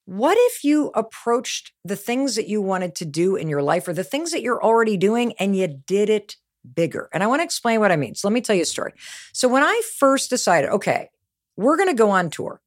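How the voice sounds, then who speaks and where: A woman's voice: mid-range voice, sing-song, brisk. A middle-aged woman giving a motivational talk, telling stories with energy and emphasis. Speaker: motivational speaker.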